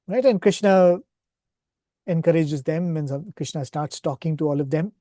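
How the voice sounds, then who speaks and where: Brief: earnest male retreat speaker, mellow tone, dry close sound, devotional storytelling. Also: on the high side, moderate pace, dry recording. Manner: earnest, retells scripture stories, often asks "right?".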